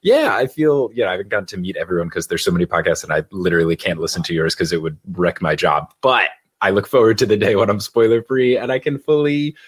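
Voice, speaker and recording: Very deep, fast-talking male guest. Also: breathy edge. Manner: warm, effusive thanks. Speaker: podcast guest. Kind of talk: casual chat.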